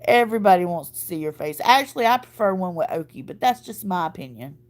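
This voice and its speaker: Woman stream host, tired after crying, warm casual chatter with frequent laughs and verbal slips. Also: on the low side, animated, quick pace. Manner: chatty, laughing, tripping over words. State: tired from crying and little sleep. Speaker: livestream host. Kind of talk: casual chat.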